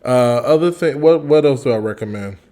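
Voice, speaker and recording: A man's voice: fairly high pitch, expressive, fairly quick, dark tone. A young man co-hosting a podcast in casual chat, playful and teasing, laughing often. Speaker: podcast co-host.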